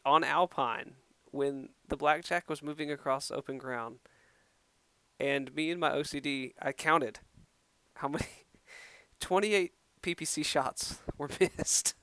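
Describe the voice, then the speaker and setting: A man's voice: a little high, a little slow, sharp tone, clear, resonant tone, no room sound. A man casting a match, chatting and teasing players with frequent laughs. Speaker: match caster. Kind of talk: casual post-match chat.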